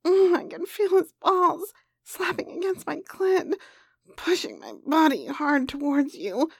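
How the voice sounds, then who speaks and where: Breathy woman doing slow erotic role-play narration, whispery, dry close sound. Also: extremely high pitch, animated, no echo. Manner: breathy, moaning, drifting into whispers.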